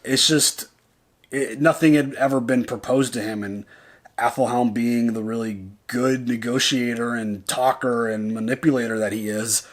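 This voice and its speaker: Steady in tone and moderate in pace, this man's voice sits in the mid range. He casually co-hosts a reaction video, profane and loose, working through his thoughts aloud, restarting sentences and overusing "like" and "dude."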